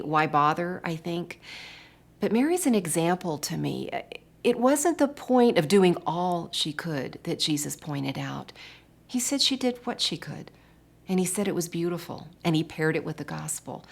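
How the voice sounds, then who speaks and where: A woman's voice: lowish voice, gravelly. An older woman giving a devotional talk, telling personal stories in a reflective way. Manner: personal storytelling, warm and reflective. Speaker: speaker.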